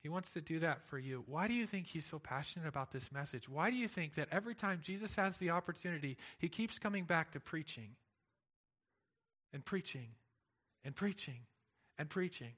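Bright-voiced man preaching a sermon. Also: on the high side. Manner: earnest, emphatic preaching with rhetorical questions. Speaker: pastor.

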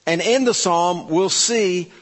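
A man preaching a sermon as pastor, with measured delivery and rhetorical questions to his congregation. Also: high voice. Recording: long reverb from a large hall.

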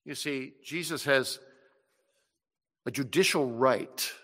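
Impassioned preacher in an echoing hall. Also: male voice, medium pitch, slow pace. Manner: impassioned, swells loud on quoted words of Jesus and drops soft on pleading. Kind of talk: sermon. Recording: long reverb of a large hall.

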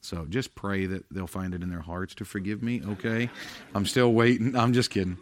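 A middle-aged man preaching a sermon as pastor, earnest and confessional, rising loud then dropping quiet. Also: lowish voice, fairly even intonation, normal speed.

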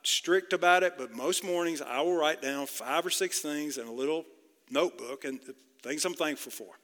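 A man's voice: on the high side, moderate pace, a bit bright, big-room sound. A male pastor preaching a sermon in an earnest way, with many restarts and repeated words.

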